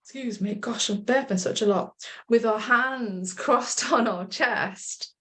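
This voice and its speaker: A woman coach leading a group session over a video call, guiding a relaxation exercise in a gentle, encouraging, chatty way. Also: a little high, takes it slowly. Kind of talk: guided relaxation instruction.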